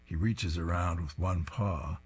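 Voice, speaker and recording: A man's voice: low voice, fairly even intonation, measured pace, a little mellow, husky. A man reading comic strips aloud, describing each panel in an amused way.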